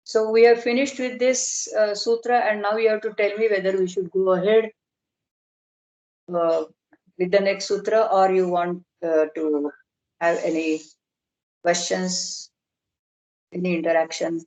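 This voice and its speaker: A middle-aged woman lecturing on a video call, explaining slowly and carefully and drawing out technical terms. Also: mid-range voice, level tone, darkish tone, poor audio. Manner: measured, explanatory, slow on terms. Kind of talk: online academic lecture.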